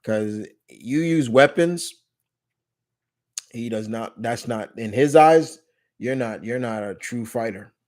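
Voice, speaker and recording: A man's voice: medium pitch, slow, darkish tone. Rambling New York man chatting live. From New York, USA. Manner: rambling, many restarts and fillers; blunt, jokey, swears casually. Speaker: live stream host. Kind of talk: casual live Q&A chat.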